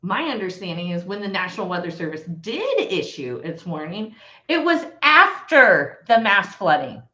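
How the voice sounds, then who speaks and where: Very animated, with a mid-range voice that sounds pushed and bright, a woman from Texas talks heatedly to her livestream audience at a moderate pace. She's blunt, swears, and says y'all, recorded in an echoey room with slightly dull sound.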